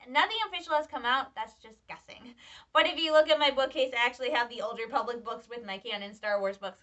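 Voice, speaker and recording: Young woman from michigan, high bright voice, gushing fan chatter, kinda far from the mic. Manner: excitable, chatty fan talk. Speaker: vlogger, student. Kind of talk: casual reaction vlog. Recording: slightly distant, dull lo-fi sound.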